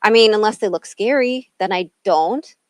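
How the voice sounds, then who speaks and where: A woman's voice: mid-range voice, unhurried, no room sound. A middle-aged woman from Illinois, co-hosting a podcast in casual, rambling chat full of side tangents. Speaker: podcast co-host.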